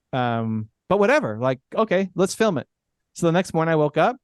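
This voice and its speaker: A man's voice: fairly high pitch, clean tone, no room sound, studio quality. A middle-aged man, a podcast guest, telling a candid personal story in an earnest way, full of "like" and "right?".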